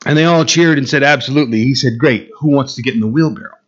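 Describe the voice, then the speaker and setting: A man's voice: medium pitch, quick pace, dull audio. A man preaching a sermon to a Bible class, emphatic, asking his listeners questions and repeating key phrases. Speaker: pastor teaching a Bible class.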